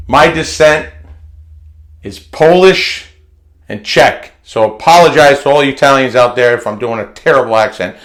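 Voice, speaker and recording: Slow, chatty man. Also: mid-range voice, fairly bright tone. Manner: chatty and folksy, repeats words and restarts phrases. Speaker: home cooking vlogger. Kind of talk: casual cooking demonstration. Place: home kitchen.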